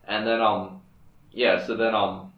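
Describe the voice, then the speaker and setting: A teenage boy with a lower voice tells a rambling, joking story full of "um"s. He sits back from the mic, and the sound is dull, lo-fi and echoey. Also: flat delivery, a little slow, recorded from a distance. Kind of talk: casual chat.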